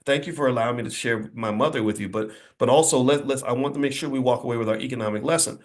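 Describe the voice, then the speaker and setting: Speaking fast at a medium pitch, a man addresses a live audience with a motivational speech. The rhythm is emphatic like a preacher's, full of repetition and plain-spoken folksy remarks.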